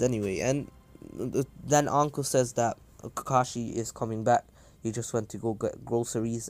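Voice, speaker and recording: A man casually improvising a fan story, rambling with many fillers and asides. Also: medium pitch. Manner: rambling, full of "uh" and "anywho".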